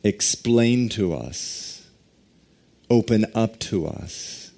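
A man preaching a sermon, reading scripture and praying with deliberate, drawn-out emphasis. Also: fairly low pitch, animated, gravelly, dark tone. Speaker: pastor.

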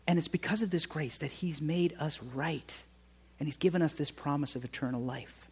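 A man preaching a sermon in a conversational way, often checking in with his listeners with a quick "right?". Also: a little high, a little mellow, breathy edge, big-room sound. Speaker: pastor.

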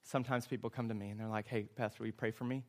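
A man preaching a sermon as a pastor, with emphatic, repetitive phrasing that builds to loud, impassioned passages. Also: fairly low pitch, little pitch movement, racing.

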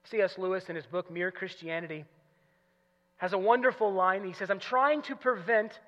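A man preaching a sermon, moving between hushed teaching and loud, emphatic passages. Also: sits high, normal speed. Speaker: pastor. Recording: muffled recording in a large hall.

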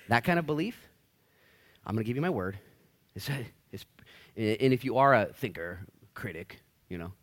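Energetic man preaching a sermon. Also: on the low side. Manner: energetic, acts out voices of people in stories. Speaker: pastor.

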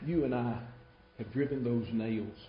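Male preacher, dramatic storyteller, big-to-hushed dynamics; dull, roomy live pickup. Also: medium pitch, a little slow, a little hiss or hum. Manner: dramatic storytelling, swings between loud and hushed. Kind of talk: sermon.

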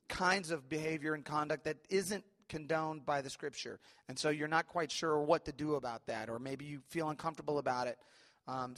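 A man's voice: fairly high pitch, fairly bright tone, big-room sound. A man preaching a sermon as pastor, talking in an earnest, conversational way with frequent fillers and check-ins to the congregation. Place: church sanctuary.

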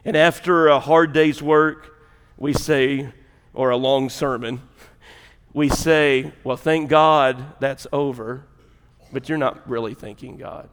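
A male pastor with a Southern US accent preaching a sermon. He talks in a folksy, joking way and works up to loud, emphatic preaching. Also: medium pitch, steady tone, slow pace, clear, resonant tone, long reverb tail. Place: church sanctuary.

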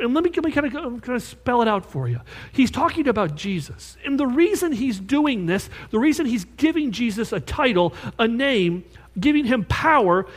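A man preaching a sermon, telling a personal story and slowing down to stress key words. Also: high-pitched. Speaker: pastor.

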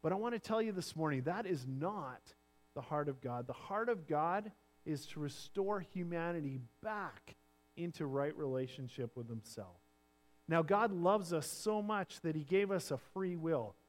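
Male pastor, sermon delivery, slightly high pitch, earnest, dynamic swings between soft and strong. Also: expressive, a little slow. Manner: earnest preaching, drops to near-whispers and swells louder for emphasis.

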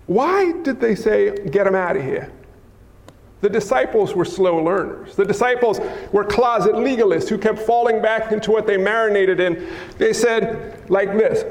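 A male pastor preaching a lively, teasing sermon, acting out scenes in a church sanctuary. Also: high-pitched, moderate pace. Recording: echoey hall with long reverb.

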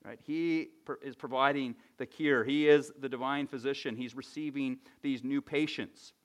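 Male pastor, mid-pitched, chatty teaching sermon, lots of "right?" asides. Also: steady tone, normal speed.

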